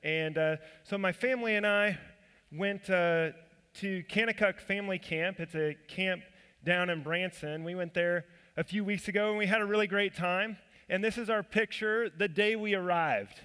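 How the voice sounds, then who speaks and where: Bright high-voiced man preaching in a reverberant hall. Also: normal speed, clean tone. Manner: conversational, self-deprecating, with fillers and restarts. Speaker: church elder preaching. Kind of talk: sermon with personal storytelling. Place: church sanctuary.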